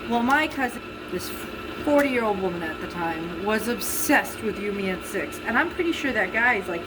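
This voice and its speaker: A young female vlogger with a medium-pitched voice rambles through a casual storytime while baking in her home kitchen. She's chatty and loose, full of fillers like "like" and "you know," and clear background noise runs through the whole recording.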